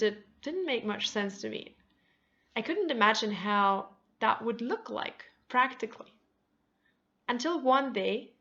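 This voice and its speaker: A woman teaching negotiation in a clear, explanatory lecture. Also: medium pitch, a bit bright, lo-fi sound. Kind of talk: scripted lecture.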